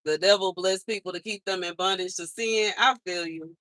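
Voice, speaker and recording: A young woman vents to her livestream audience, frustrated and emphatic, and she keeps circling back to the same complaints. Her voice is bright and tense. The sound is dry and close, with no room echo. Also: lowish voice, normal speed. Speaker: livestream host. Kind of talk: venting on a livestream.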